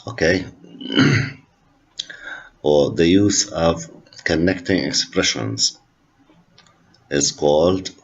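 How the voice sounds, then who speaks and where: A man with Arabic as his first language lectures on linguistics in a slow, deliberate way, repeating each point for his students. His voice is very deep and slightly husky. The recording sounds dull and lo-fi. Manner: slow, repetitive explaining, switching between English and Arabic.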